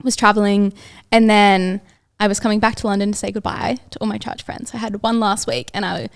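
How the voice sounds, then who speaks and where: A woman's voice: medium pitch, fairly even intonation, a little fast. A young Australian woman in her twenties, a podcast guest telling stories in a chatty way and saying "like" all the time. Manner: chatty storyteller, says "like" constantly. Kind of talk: casual chat. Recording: audio-only podcast.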